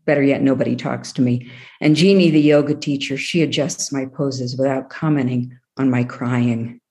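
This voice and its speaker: A middle-aged woman with a very low voice tells a personal story. She speaks plainly and reflectively, with dry asides. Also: steady tone, moderate pace, warm tone. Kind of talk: personal story told to an audience.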